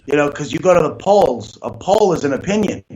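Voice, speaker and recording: A man's voice: on the high side, very animated, brisk, darkish tone, highs cut off. A man hosting a talk show, talking in a loose, opinionated way full of fillers. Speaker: show host. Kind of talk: casual talk show conversation.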